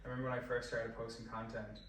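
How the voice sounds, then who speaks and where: A man's voice: mid-range voice, flat delivery, fast, fairly bright tone, slight background noise. Young Irish male fitness coach, chatty and rambling, in a roomy, echoey space with the mic set back. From Ireland. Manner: rambling, restarts sentences, heavy use of "like". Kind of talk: casual podcast conversation. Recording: very echoey room, distant mic.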